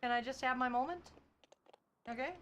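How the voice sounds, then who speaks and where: A woman's voice: sits high, moderate pace, fairly bright tone, highs cut off. A young woman chatting casually on a livestream, laughing often and reading chat aloud. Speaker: streamer.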